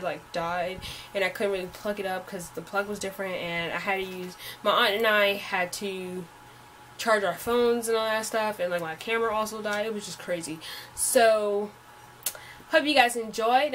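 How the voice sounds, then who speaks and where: A woman's voice: medium pitch, normal speed, a bit bright, slight background noise. A young American woman rambling through a shopping haul in a casual vlog, with lots of "like" fillers. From United States. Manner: rambling, says "like" a lot. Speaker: haul vlogger.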